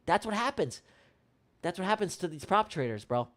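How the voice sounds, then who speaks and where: A trading livestream host rants bluntly and heatedly, swearing freely and repeating lines for emphasis. His high, fairly bright voice swings widely in pitch at a normal speed.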